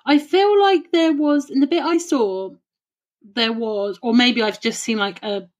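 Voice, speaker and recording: Animated woman spinning wild theories. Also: a little high, a little slow. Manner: animated, swearing, playful theorizing. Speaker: podcast co-host. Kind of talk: casual chat.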